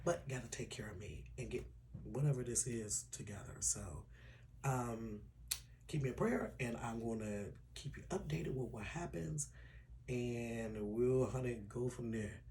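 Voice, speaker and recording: A man gives his followers a heartfelt vlog update. His voice is gravelly and hoarse from a tired throat. A faint hiss sits under the recording. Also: mid-range voice, a little slow, a little mellow. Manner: earnest, personal and emotional, drops to a whisper at times. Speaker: YouTuber.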